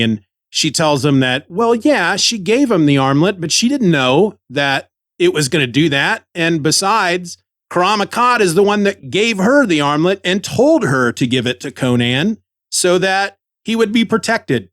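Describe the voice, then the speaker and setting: A man's voice: sits high, animated, measured pace, a bit bright, no room sound. A man hosting a comic book podcast, chatty and enthusiastic, on a close microphone. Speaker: podcast host.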